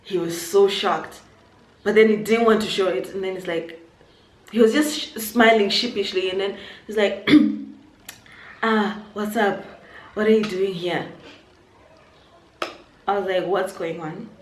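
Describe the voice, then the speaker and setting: A young woman from Zimbabwe telling a personal story on her vlog, animated and acting out what people said. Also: mid-range voice, a little slow, pauses often. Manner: animated storytelling, acts out quotes. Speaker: YouTuber. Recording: echoey room, faint noise.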